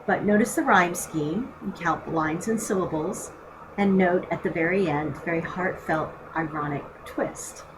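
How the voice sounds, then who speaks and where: A woman recording a screencast lecture, explaining poetry in a measured way and reading a poem aloud. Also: on the low side, background noise. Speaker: teacher.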